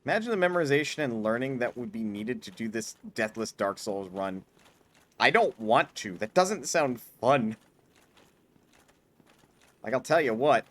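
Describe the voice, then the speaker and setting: A man commentates his own game run in a casual, profane way. His voice sits at a middling pitch but leaps up and down a lot. He breaks into mock-grand proclamations and frustrated curses. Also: expressive, unhurried, long pauses. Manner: swears often, swings between mock-grand speeches and frustrated outbursts. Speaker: streamer.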